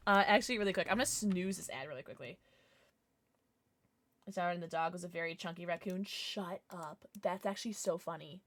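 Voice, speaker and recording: A woman streaming a horror game live, chatting with her viewers, thanking them and reacting loudly to scares. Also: lowish voice, a little fast, no room sound.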